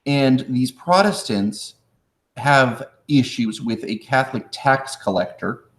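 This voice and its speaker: A man teaching history with a loose, joking manner, answering viewers in chat and slipping into slangy voices for historical figures. His voice sits at an ordinary pitch. The room around him echoes. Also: lively intonation, slow pace. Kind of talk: live-streamed exam review.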